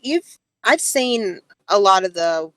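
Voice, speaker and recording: A woman's voice: mid-range voice, expressive, takes it slowly, pushed and bright, low-quality recording. A woman co-hosting a podcast in casual chat, playful and teasing, laughing often. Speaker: podcast co-host.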